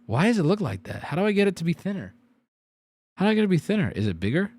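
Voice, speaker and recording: A man's voice: high-pitched, rapid-fire. A man streaming live, telling a story casually with lots of profanity and jokes. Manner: animated, profane, jokey storytelling.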